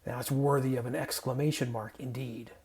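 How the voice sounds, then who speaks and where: Male pastor, medium pitch, mellow tone; conversational, playful sermon with self-corrections. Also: steady tone, moderate pace. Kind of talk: casual sermon with scripture reading. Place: home guest room.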